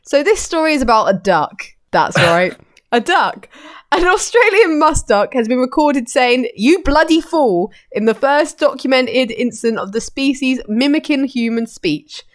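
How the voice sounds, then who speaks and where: A woman's voice: high voice, expressive, normal speed. A woman co-hosting a casual podcast, chatty and giggly as she reads out odd news stories. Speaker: podcast co-host.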